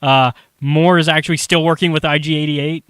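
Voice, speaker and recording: A man's voice: a little high, steady tone, a bit bright, smooth, no echo, clean studio sound. A man chatting casually as a podcast host, rambling through a story recap and briefly voicing the characters. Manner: rambling, acts out characters in quick asides. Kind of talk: casual chat recapping a comic.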